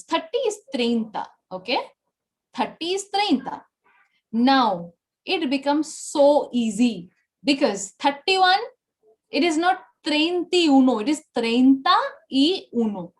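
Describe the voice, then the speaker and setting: A high-pitched woman with an Indian English accent leads an online Spanish lesson over a computer mic. She drills numbers patiently, repeats each one and heaps encouragement on her students. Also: sing-song, measured pace. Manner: encouraging, repeats and praises often. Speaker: Spanish language teacher. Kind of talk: online language class.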